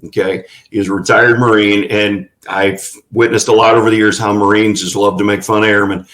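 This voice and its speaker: A man's voice: lowish voice, flat delivery, brisk, a bit bright, low-quality recording. A man telling folksy anecdotes in a casual interview, with plenty of fillers. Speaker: ranch representative.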